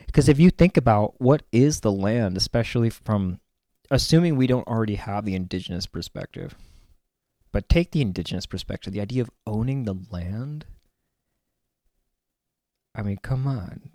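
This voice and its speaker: A man muses through a reflective spiritual talk about a card reading, and his low voice carries a gravelly rasp. He wanders between thoughts with drawn-out words and the occasional whispered aside. The sound is dry and close, with no room around it. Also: warm tone, no room sound. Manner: meandering and musing, with many fillers and stretched-out words. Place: on his own land.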